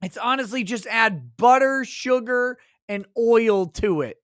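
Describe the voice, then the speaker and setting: A man's voice: extremely high pitch, unhurried, a bit bright, dry recording. A man holds forth on a livestream in a loose, profane rant. He is mocking and exasperated, swearing freely. The sound is dry, with no room around it. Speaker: livestream host.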